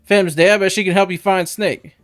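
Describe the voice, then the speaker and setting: A man voicing a male village head in a game, with a slow country drawl and a chatty, evasive manner. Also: sits high, steady tone, no echo, voice pushed up, natural voice. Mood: folksy.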